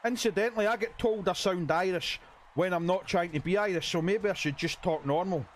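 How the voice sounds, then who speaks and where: A man giving excitable play-by-play commentary on a wrestling video game, with chatty asides to viewers. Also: sits high, fairly quick, a little hiss or hum.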